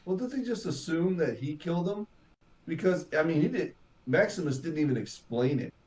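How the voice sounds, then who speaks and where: A man's voice: on the high side, moderate pace. A man co-hosting a casual podcast chat, retelling scenes and acting out the characters' lines. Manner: animated, acts out quotes. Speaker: podcast co-host.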